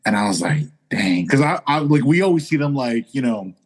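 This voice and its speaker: A man's voice: mid-range voice, lively intonation, brisk. A man guesting on a podcast, telling stories in a laid-back casual way. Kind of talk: casual chat.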